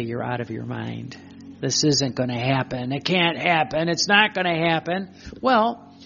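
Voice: mid-range voice, vocal fry, a bit bright, lo-fi sound, a little hiss or hum. A preacher giving emphatic spoken religious teaching, repeating phrases and asking rhetorical questions.

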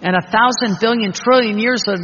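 A man's voice: high-pitched, a little fast, fairly bright tone, slight background noise. A man preaching a sermon, emphatic and full of rhetorical questions. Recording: dull reverberant hall recording.

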